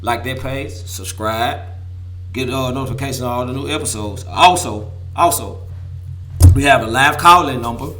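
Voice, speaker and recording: A man from Memphis, hosting a casual sports talk show, hoarse from losing his voice and trash-talking with bursts of laughter. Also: medium pitch, normal speed, bright, forceful tone, a little hiss or hum. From Memphis, Tennessee. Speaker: host.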